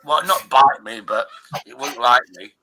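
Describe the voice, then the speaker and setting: Brief: older man in his sixties, sharp bright tone, rambling and sweary, livestream host on a call. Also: mid-range voice, unhurried, poor audio. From Derbyshire, England. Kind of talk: casual chat.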